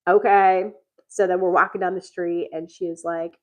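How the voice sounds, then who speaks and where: Animated woman telling a story with laughs. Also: fairly low pitch, moderate pace, creaky, low-quality recording. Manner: animated, laughs often, acts out quoted lines. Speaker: podcast host telling a dating story. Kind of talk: casual storytelling chat.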